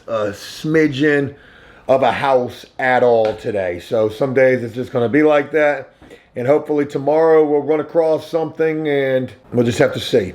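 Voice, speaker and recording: A middle-aged man, vlogging casually and swinging between hushed asides and excited outbursts. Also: mid-range voice. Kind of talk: casual vlog talk.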